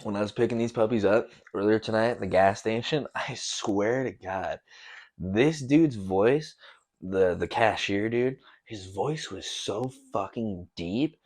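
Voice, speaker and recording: On his casual solo podcast, a young host rambles through slangy, profane stories in a loose way. He speaks unhurriedly in a lowish voice that sounds a little mellow.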